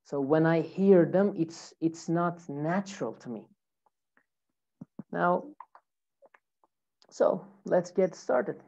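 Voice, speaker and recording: A woman with a low, mellow voice teaches English in a live online class, greeting each student by name in a friendly manner. She speaks slowly, and the sound comes through a computer mic, a bit dull and lo-fi. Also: vocal fry.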